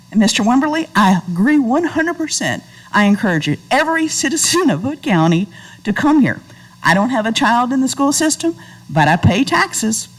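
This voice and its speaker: A woman's voice: a little high, low-quality recording. A woman speaking earnestly and conversationally during public comment at a school board meeting. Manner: earnest, conversational, faith-tinged.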